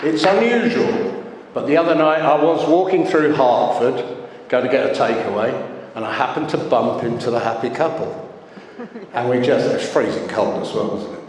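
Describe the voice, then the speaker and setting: A man's voice: mid-range voice, moderate pace. A middle-aged man gives a wedding speech in a large function room, telling jokey, self-mocking stories. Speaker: wedding guest giving a speech. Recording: echoey hall, voice from far off.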